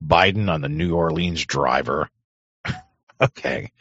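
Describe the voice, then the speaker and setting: A man hosting a talk show, rambling in crude, sarcastic casual commentary with a hoarse voice. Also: deep voice, unhurried, fairly bright tone, dry recording, muffled recording. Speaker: podcast host.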